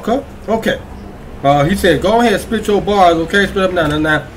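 A man with a high-pitched, animated voice hosts a YouTube reaction video at a moderate pace, chatting casually and often checking in with viewers. A little hiss or hum sits in the background.

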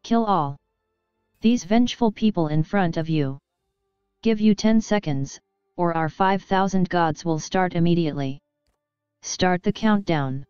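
A woman's voice: on the low side, unhurried, a little mellow, smooth, dry recording, lightly acted. Mocking male villain boss, cruel and gloating, read by a woman; clean, dry delivery. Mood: taunting. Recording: dull lo-fi audio with faint music.

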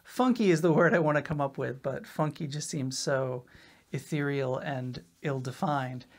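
A woman drum teacher explaining rudiments in a relaxed, casual way, often checking in with "right?". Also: very deep voice, moderate pace. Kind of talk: casual instructional talk.

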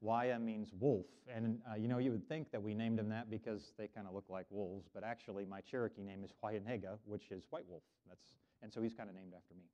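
Fairly low and dark, his voice stays steady as he moves briskly with hardly any pauses. The middle-aged Oklahoma minister gives children a friendly sermon and has them repeat words, recorded in the sanctuary with dull, lo-fi sound.

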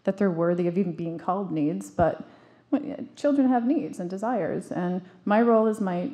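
A woman's voice: lowish voice, normal speed, dark tone, dull audio. A woman in her forties giving an earnest, emphatic talk to an audience, telling stories from her own life with frequent restarts. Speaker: parenting speaker.

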